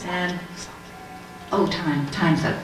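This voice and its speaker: A woman's voice: on the low side, fairly even intonation, takes it slowly, far from the mic, over music. A woman giving a religious testimony talk, telling her story and acting out the dialogue. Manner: storytelling, acts out quoted dialogue. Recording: echoey hall, heard from afar.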